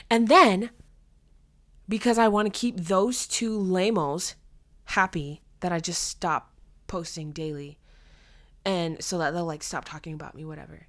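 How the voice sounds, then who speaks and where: A young woman chats through her own podcast in a loose, unscripted way. She is frank and a little sweary, and she gets animated when she retells conversations. Her voice sits slightly low in pitch. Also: moderate pace. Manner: animated storytelling, acts out quoted voices with big pitch jumps; frank and blunt, with mild swearing. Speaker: podcast host. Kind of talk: casual solo podcast chat.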